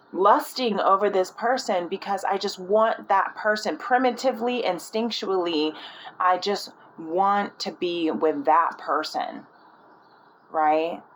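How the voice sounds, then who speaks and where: A woman's voice: medium pitch, slow pace, slight background noise, poor audio. A woman giving a casual spiritual reading, thinking aloud and often searching for the right word. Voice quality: rambling, frequent restarts and fillers. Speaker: spiritual reader.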